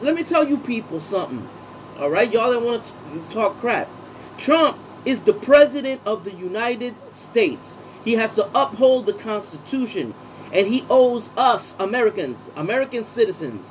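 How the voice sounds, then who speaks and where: A man's voice: very high-pitched, a little hiss or hum, low-quality recording. A man from Puerto Rico giving a heated, profane opinion rant in his vlog, repeating himself as he argues. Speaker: political vlogger.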